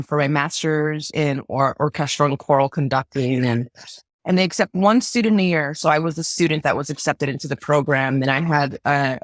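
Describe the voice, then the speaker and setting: A woman's voice: sits low, dry recording, studio quality. Emphatic woman conductor telling her story. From Los Angeles. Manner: emphatic, repeats words and stammers when moved. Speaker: podcast guest, orchestra conductor. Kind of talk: casual interview storytelling.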